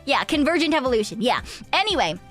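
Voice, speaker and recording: A woman's voice: high voice, sing-song, fast, fairly bright tone, soft background music. A young woman from Canada, streaming a game and chatting casually, rambling and swearing freely as she tells a story with giggles. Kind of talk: casual chat while gaming.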